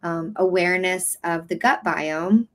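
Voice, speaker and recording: A woman's voice: fairly low pitch, a little slow, fairly bright tone. A woman co-hosting a casual livestream chat, talking in a reflective, agreeing way. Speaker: podcast co-host.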